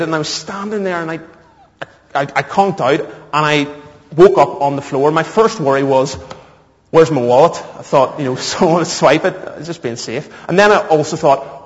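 A man preaching a sermon, mixing Bible reading with humorous personal stories. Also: a little high. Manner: storytelling with self-deprecating humor. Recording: muffled, echoey hall.

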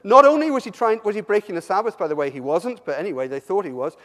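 A man from Somerset preaching a sermon, animated and emphatic, often stumbling and restarting his words. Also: high voice, fast. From Somerset, England. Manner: animated, rising to emphatic peaks, frequent stammered restarts. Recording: long hall reverb.

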